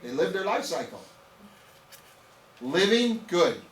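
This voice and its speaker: His voice sits high and swings widely in pitch as he slowly teaches nutrition to a small audience. He stresses points, repeats words, and keeps asking "okay?"; the echoey room, far-off mic, and faint noise color the sound.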